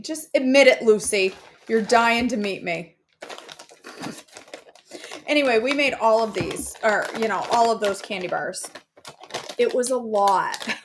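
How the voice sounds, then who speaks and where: A woman's voice: medium pitch, noisy background. A woman hosting a casual live cooking show from her home kitchen, chatting playfully with her viewers. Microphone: camera on a counter.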